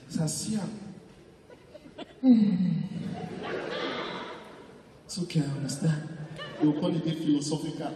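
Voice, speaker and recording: Comedian telling jokes with a Nigerian accent in an echoey hall. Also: male voice, fairly high pitch, measured pace, pauses often, warm tone, slight background noise. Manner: storytelling with Nigerian Pidgin, acting out mourners. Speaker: stand-up comedian. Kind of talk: stand-up comedy routine. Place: large venue on stage. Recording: echoey hall, distant mic.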